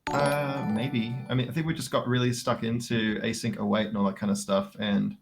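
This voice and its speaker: A man co-streaming a coding session, relaxed and laughing often as he reads chat. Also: mid-range voice, normal speed, vocal fry, music in the background. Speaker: co-streaming guest programmer.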